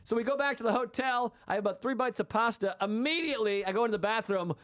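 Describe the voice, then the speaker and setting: A man telling a profane story on a comedy podcast, animated and deadpan at the punchlines. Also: very high-pitched, fast, dry recording, studio quality. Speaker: podcast co-host. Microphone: podcast studio mic.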